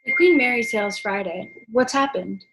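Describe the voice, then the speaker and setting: A woman's voice: a little high, normal speed, noisy background, close to an everyday voice. A young woman acting a dry, sardonic secretary in a school play read over a video call. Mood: wry. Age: teens. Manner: deadpan, wry. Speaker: student actor. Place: at home.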